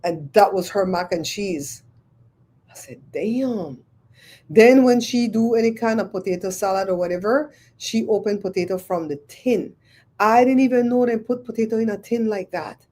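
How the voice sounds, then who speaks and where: A woman, hosting a livestream and chatting with viewers, telling stories in an animated, exclaiming way. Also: mid-range voice, moderate pace. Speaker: livestream host. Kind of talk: casual chat with live viewers.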